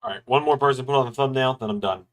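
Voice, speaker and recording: A young man talks casually on a livestream from his own apartment. His pitch is middling and his delivery loose and chatty. He yawns now and then as he works. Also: quick pace. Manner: relaxed, chatty, yawning while working. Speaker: streamer hosting a watch-along.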